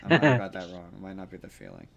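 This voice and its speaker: A man's voice: low-pitched, wildly swooping pitch, quick pace, vocal fry, fairly bright tone, dull audio. A man co-hosting a podcast, chatting casually about films, rambling and correcting himself as he goes. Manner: rambling, self-correcting, jokey. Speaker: podcast co-host. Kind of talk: casual movie chat.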